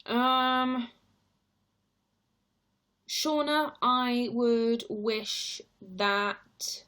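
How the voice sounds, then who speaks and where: A woman's voice: fairly high pitch, extremely slow, bright, forceful tone. A young woman chatting casually on a livestream, rambling and answering viewer comments. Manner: chatty and rambling, heavy use of "like". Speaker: stage actor and livestreamer.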